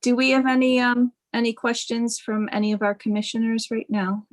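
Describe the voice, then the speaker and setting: A woman chairing a public hearing, polite and slightly halting as she thanks speakers and calls for questions. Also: a little high, steady tone. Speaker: committee chair.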